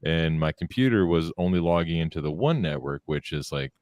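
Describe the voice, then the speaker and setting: Very deep-voiced deadpan man. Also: a little fast. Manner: deadpan one-liners. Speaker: podcast co-host. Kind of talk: casual chat.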